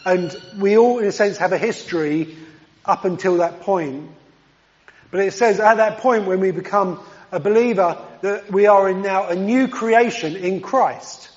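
A man's voice: high voice, unhurried, darkish tone. A man preaching a sermon in an earnest way, with self-deprecating asides. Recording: dull sound with long hall reverb.

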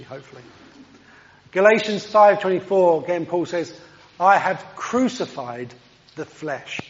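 A man's voice: on the high side, a little mellow. A man preaching a sermon in an earnest way, with self-deprecating asides. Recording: dull sound with long hall reverb.

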